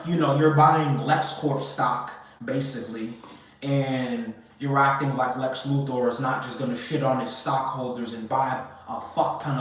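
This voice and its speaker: A man's voice: medium pitch, a bit bright, recorded from a distance. A man ranting casually and emphatically, swearing often and repeating himself as he rambles. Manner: profane, emphatic, repetitive, rambling. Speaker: crypto commentator. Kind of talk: casual rant. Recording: echoey room, away from the mic.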